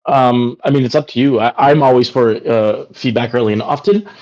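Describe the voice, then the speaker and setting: A man hosts a casual work meeting on a video call, rambling with lots of fillers and saying "like" often. His mid-range voice is a little mellow and fairly quick, and the call audio is dull and lo-fi.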